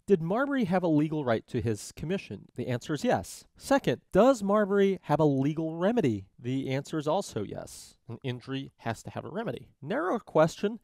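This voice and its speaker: A man tutoring on a law case in a casual, jokey way, slipping into quick character voices. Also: a little high, sing-song, creaky, a little mellow, no room sound, clean studio sound. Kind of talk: casual explanatory lesson.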